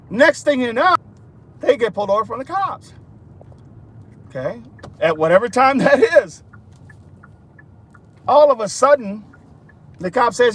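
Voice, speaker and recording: A man's voice: very high voice, very animated, measured pace, pauses often, slightly rough. A man hosting a livestream, talking speculatively and addressing his listeners directly, recorded outdoors near traffic. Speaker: livestream host. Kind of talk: speculative live-stream talk.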